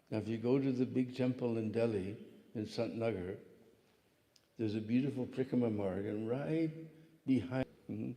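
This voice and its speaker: A man tells a devotional story as a spiritual lecturer, animated and often pausing for a quick "hmm?". His voice is mellow and sits in the middle of the male range. The recording has the long reverb of a big hall. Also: medium pitch. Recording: echoey hall.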